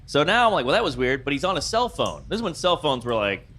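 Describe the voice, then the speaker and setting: A man from Louisiana, a comedian telling a wild story as a podcast guest, animated and bursting into yelled exclamations. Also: a little high, fast, slight background noise. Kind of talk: comic storytelling.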